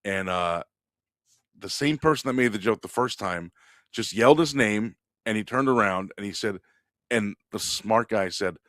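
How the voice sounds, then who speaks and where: A man with a lowish voice co-hosts a comedy podcast and tells a rambling story about a coworker. He talks casually, swears a lot and laughs as he goes. The recording sounds dry and close. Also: normal speed, no room sound. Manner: profane, animated, laughs while telling stories. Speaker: podcast co-host.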